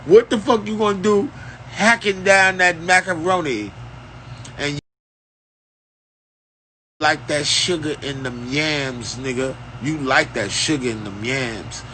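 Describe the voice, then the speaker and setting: A man's voice: on the high side, slow pace, long pauses, sharp tone, a little hiss or hum, low-quality recording. A man giving an unscripted spiritual rant, lecturing in street slang with a profane, preachy manner. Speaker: self-styled spiritual teacher.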